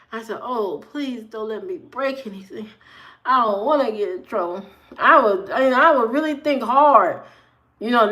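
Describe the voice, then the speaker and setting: A woman live streamer telling family stories in casual chat, acting out the people she quotes. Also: high voice. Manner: animated storyteller, acts out quoted voices.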